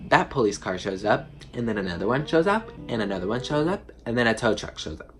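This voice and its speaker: Over clear background music, a teenage boy rambles through a casual storytime, packing in fillers and "like." His vlogging voice is medium-pitched and sing-song, moving at a quick pace.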